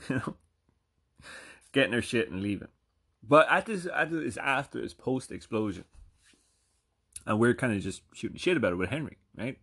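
A man's voice: on the low side, normal speed, pauses often, fairly bright tone, breathy edge. An Irish man in his thirties telling a rambling, profane story and checking in with "right?" often. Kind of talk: casual anecdote.

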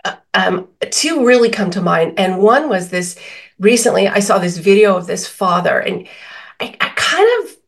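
A woman guest on a podcast interview, explaining feelings with everyday examples and quoted dialogue. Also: mid-range voice. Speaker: author and guest.

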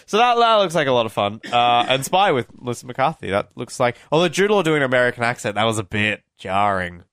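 A man's voice: medium pitch, very animated, fast, a bit bright, smooth, no echo, clean studio sound. A man co-hosting a movie podcast, chatting casually and rambling through stories, often stopping to correct himself. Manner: rambling, self-correcting storyteller. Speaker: podcast co-host. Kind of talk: casual chat.

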